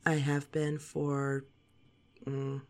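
Soft, calm woman in her forties. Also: low voice. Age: 40s. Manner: soft, calm, slow-paced delivery. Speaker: podcast host. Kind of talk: calm spoken monologue.

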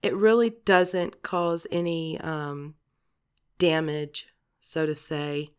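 A woman's voice: deep voice, takes it slowly, smooth. A woman in her forties hosting a podcast, talking in a chatty, rambling monologue, laughing often and swearing casually. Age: 40s. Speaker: podcast host.

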